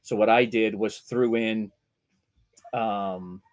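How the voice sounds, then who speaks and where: A man from Vancouver, a voice actor telling casual, animated anecdotes and bursting into loud character voices. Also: lowish voice, slow pace. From Vancouver, Canada. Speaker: voice actor guest.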